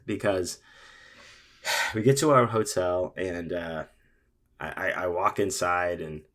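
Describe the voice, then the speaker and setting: A young man telling a long, animated anecdote in casual chat, with frequent fillers and swearing. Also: sits low, slow.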